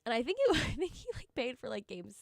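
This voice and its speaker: A woman's voice: fairly high pitch, sing-song, fast talker, gravelly, dry recording, clean studio sound. A young woman co-hosting a casual sports chat, recounting things conversationally and often restarting her sentences. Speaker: sports show co-host.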